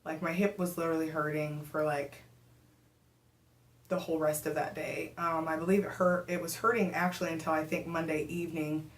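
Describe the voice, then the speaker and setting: Chatty pregnant woman, slightly low, echoey room. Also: a little fast. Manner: chatty, animated storytelling with many fillers. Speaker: vlogger. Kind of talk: casual storytelling to camera.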